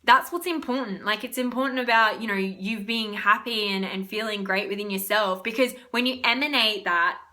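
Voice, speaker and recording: A woman's voice: mid-range voice, normal speed, hardly any pauses, pushed and bright. A young woman, talking in a casual, rambling motivational vlog as a spiritual reader, often laughing.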